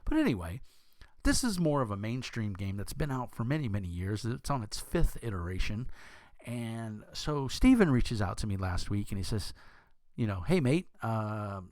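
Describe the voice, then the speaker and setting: Deep-voiced man, rambling casual chat. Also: sing-song, moderate pace, a little mellow, no room sound. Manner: rambling, with many fillers and restarts. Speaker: channel host. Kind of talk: casual talk to camera.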